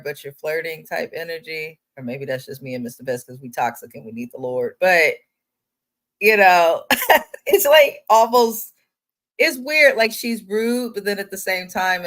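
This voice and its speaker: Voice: mid-range voice, moderate pace, a bit bright. A co-host chatting casually about a reality show, loose and giggly with lots of "like". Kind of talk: casual chat.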